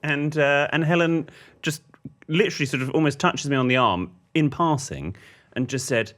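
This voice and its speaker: A man co-hosting a podcast, chatting casually and telling animated anecdotes, often slipping into other people's voices. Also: fairly high pitch, normal speed. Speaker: podcast co-host. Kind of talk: casual chat.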